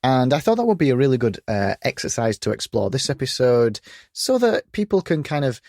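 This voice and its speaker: A man's voice: medium pitch, big pitch swings, brisk, a little mellow, dry recording, clean studio sound. A man, co-hosting a podcast in a chatty, storytelling way. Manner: chatty storytelling with acted-out quotes. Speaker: podcast co-host. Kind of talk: casual podcast chat.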